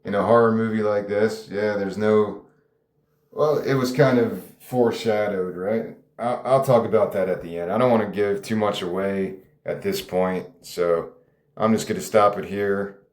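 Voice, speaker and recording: A man's voice: fairly low pitch, fairly even intonation, normal speed, roomy sound. A man who wrote a screenplay, talking about it casually and ramblingly on his own, with frequent laughs. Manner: rambling and chatty, laughs often. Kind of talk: casual solo talk to camera.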